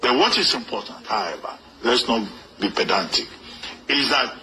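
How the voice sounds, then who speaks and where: A man's voice: medium pitch, lively intonation, moderate pace, pushed and bright, slight background noise, rough recording. A man, lecturing with self-assurance. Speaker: commentator. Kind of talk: explanatory commentary.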